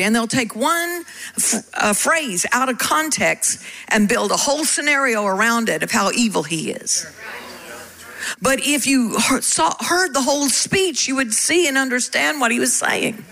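A middle-aged woman preaching a sermon, animated and calling out questions to the congregation. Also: high-pitched, poor audio.

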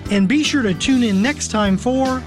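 A broadcast announcer reading a scripted closing announcement in a smooth, measured way. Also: medium pitch. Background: faint music.

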